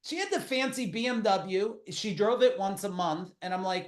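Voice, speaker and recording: A middle-aged man, a podcast guest, tells blunt, profane stories in casual interview talk, full of quick asides. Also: high voice, expressive, reverberant.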